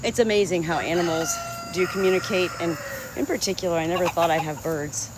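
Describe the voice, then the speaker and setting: A woman's voice: on the low side, steady tone, fairly quick. Chatty middle-aged woman on a farm. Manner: chatty and sentimental, laughing often. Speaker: hobby farmer streaming live. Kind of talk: rambling live-stream chat. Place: outdoors on a small farm. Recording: faint outdoor noise. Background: insects and crickets.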